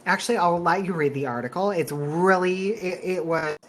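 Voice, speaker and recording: Animated, cussing man co-hosting a podcast. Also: sits high, moderate pace, slight background noise. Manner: animated, laughs often, swears freely. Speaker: podcast co-host. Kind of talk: casual podcast chat.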